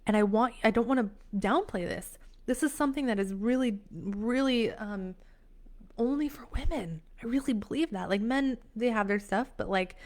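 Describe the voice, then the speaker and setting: A woman's voice: a little high, moderate pace. A young woman hosting a casual motivational live stream, talking in a gushing, emphatic way with many restarts. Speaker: empowerment coach hosting a live session.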